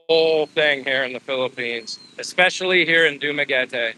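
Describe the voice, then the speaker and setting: A man's voice: medium pitch, normal speed, hardly any pauses, low-quality recording. A man in his fifties from the USA, chatting casually in a live stream while out walking, friendly and rambling with lots of fillers. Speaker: vlogger. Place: outdoors on a walk. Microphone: phone at arm's length.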